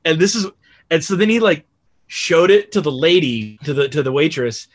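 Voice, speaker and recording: A man's voice: a little high, lively intonation, moderate pace. A young man telling a casual, rambling story on a podcast, swearing freely and padding his sentences with "like.". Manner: rambling, profane, full of "like" fillers.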